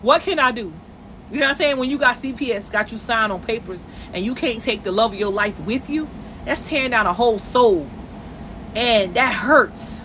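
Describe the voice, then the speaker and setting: Woman, live streaming from bed at home, bright tone, emotional and chatty, faint noise behind. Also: a little high, normal speed. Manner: emotional, conversational, addresses viewers directly. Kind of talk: casual live-stream monologue. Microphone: phone.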